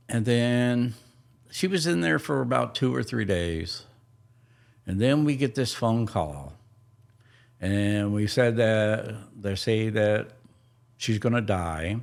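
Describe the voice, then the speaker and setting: A man hosting a podcast, telling a personal family story in a slow, halting, tender way. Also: on the low side, creaky. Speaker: podcast host.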